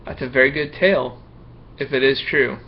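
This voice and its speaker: A man voicing a strict female schoolteacher in a high, shrill put-on voice, scolding in rhyme while reading a picture book aloud. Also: fairly even intonation, moderate pace, lo-fi sound, lightly acted. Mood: doubtful. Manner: stern, indignant scolding in rhyme.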